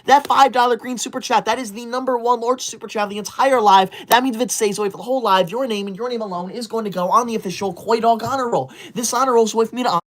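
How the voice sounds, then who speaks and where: A man's voice: very high-pitched, fast, hardly any pauses, fairly bright tone. A man playing a touchy, rule-obsessed young male livestreamer in a comedic parody, talking in a prim, stiffly formal, scolding way.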